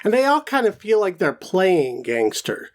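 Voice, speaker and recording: A man's voice: high voice, sing-song, normal speed. A man co-hosting a podcast, chatting casually about a film and thinking aloud with lots of fillers. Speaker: podcast co-host.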